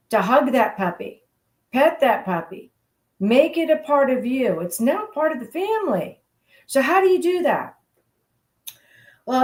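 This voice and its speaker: A woman hosting a radio show, telling a motivational story in an animated, playful way. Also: on the high side. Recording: roomy echo.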